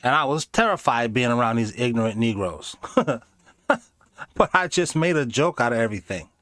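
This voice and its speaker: Animated sarcastic man reacting live. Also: medium pitch, moderate pace, no room sound, studio quality. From inner city. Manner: animated, sarcastic, jumps into mocking voices. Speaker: streamer reacting to videos. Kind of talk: casual live reaction commentary.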